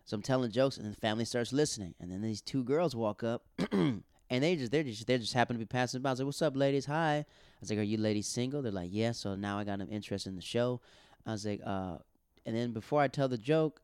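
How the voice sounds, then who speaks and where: A man's voice: medium pitch, clean tone, no room sound, clean studio sound. Man casually recounting his comedy week. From American South. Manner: loose, animated retelling with acted-out quotes. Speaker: stand-up comedian. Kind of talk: casual storytelling monologue.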